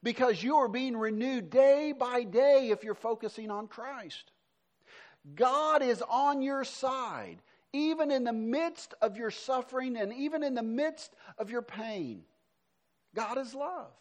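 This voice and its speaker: A male pastor, middle-aged, preaching a sermon, moving between emphatic lines and soft, hushed passages. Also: very high voice, measured pace.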